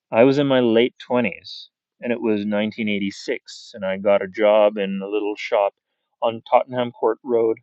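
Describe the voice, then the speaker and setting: A man reading a first-person short story aloud in a measured way, with natural pauses. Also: mid-range voice, no echo. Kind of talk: unedited audiobook reading. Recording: dull, dry.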